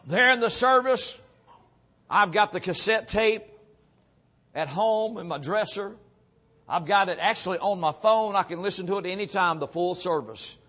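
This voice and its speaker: A middle-aged man preaching, telling his own testimony earnestly and often dropping to a hushed voice. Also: high-pitched. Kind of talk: sermon testimony.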